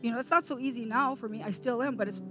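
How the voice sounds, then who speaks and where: A middle-aged woman preaching her testimony, impassioned, sometimes rising to near shouting. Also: on the high side, fast talker. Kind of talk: testimony sermon. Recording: music playing behind.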